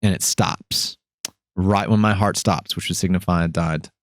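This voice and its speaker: A man hosting a podcast, telling a story in a casual, animated way, acting out voices and swearing freely. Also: low-pitched, moderate pace, dry recording, clean studio sound. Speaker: podcast host.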